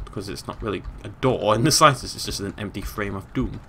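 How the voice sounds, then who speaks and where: A British man hosting a let's play, joking, talking to the game and making squeaky silly noises as he plays. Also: quick pace, gravelly, pushed and bright, slight background noise. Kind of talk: casual gameplay commentary.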